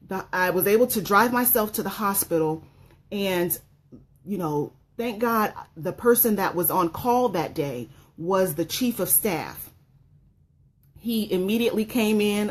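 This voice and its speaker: A woman's voice: mid-range voice, a little mellow. A woman giving an emotional personal testimony as a motivational speaker, repeating phrases for emphasis.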